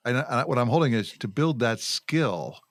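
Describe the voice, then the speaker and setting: A man co-hosts a podcast and sets up a question for his guest in a conversational way. He checks in with "right?" as he talks. His voice sits at a middle pitch and sounds dry and close. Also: lively intonation, normal speed, fairly bright tone, no echo. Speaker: podcast co-host. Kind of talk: interview questions.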